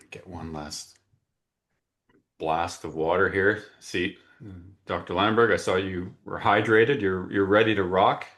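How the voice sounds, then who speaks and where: A man's voice: deep voice, fairly even intonation, slow pace, a bit bright. A man hosting a webinar on a video call, chatty and full of fillers and restarts. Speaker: webinar host. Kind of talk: casual webinar introduction.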